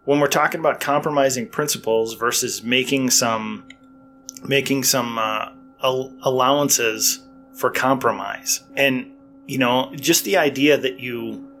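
A man co-hosting a casual chat, talking in a measured, reflective way. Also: mid-range voice, steady tone, fairly bright tone, faint music behind.

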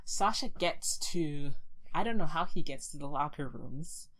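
A woman's voice: deep voice, measured pace, poor audio. A woman casually recapping a TV show, telling it with lots of fillers and acting out the characters' lines. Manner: animated storytelling with many fillers, acting out quotes. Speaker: podcast co-host recapping a show. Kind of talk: casual chat.

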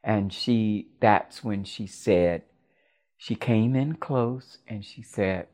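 An older woman from Florida narrating a personal story in a halting, intimate way. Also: very deep voice, dark tone. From Florida, USA.

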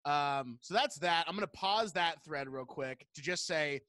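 Bright, laughing man hosting a podcast. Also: fairly high pitch, lively intonation, a little slow, no room sound. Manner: laughing, swearing, storytelling. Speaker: podcast host. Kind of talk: casual chat.

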